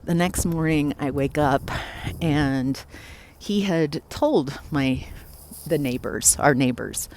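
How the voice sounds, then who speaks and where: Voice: medium pitch, slow, darkish tone, a little hiss or hum. A psychic medium casually telling a first-person ghost story, reflective and loose, with filler words.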